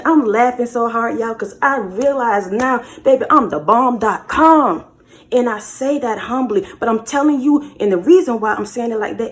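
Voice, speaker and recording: A woman hosting a spiritual channel, preaching encouragement straight to camera in an emphatic, repetitive way that swings from loud declarations to hushed asides. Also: a little high. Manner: emphatic and repetitive, calls listener baby.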